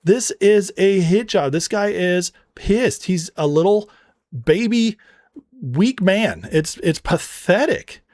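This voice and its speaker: A man's voice: sits high, expressive, slow, darkish tone, no room sound, clean studio sound. A man hosting a political commentary show, ranting with heated scorn and slipping into storytelling asides. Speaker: show host.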